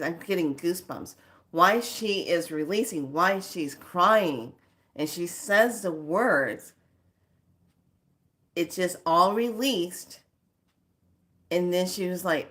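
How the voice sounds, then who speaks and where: Woman, spiritual teacher, low voice, unhurried casual storytelling. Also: pushed and bright. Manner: slow, drawn-out storytelling with filler phrases.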